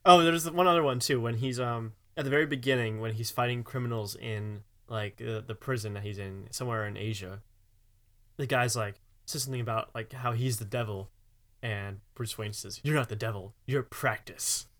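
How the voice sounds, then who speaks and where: A man's voice: medium pitch, fairly even intonation, moderate pace. A man chatting casually about a movie, loose and rambling, laughing along.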